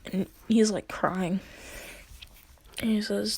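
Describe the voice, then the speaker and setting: A woman casually retelling a fan story in a rambling way, with fillers and hushed asides. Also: mid-range voice, measured pace, gravelly.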